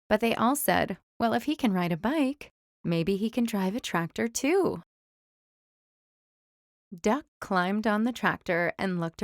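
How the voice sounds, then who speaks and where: A gravelly woman reading a picture book. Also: no room sound, studio quality. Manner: lively and expressive, with big pitch jumps. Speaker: storybook reader. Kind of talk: children's read-aloud narration.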